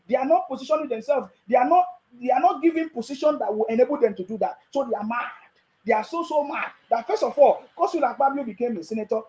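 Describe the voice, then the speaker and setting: Talking directly to the listener at an ordinary middle pitch, a Nigerian-accented political commentator mocks with rhetorical questions and slips chuckles between points. The voice is a little mellow, the audio poor, and the speaker keeps checking whether the listener is following.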